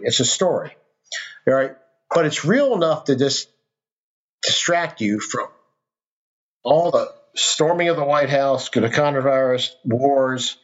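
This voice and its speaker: Earnest rambling middle-aged man, lo-fi. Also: mid-range voice. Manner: earnest, rambling with restarts and fillers. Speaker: podcast guest. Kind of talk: casual storytelling conversation. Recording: dull lo-fi sound.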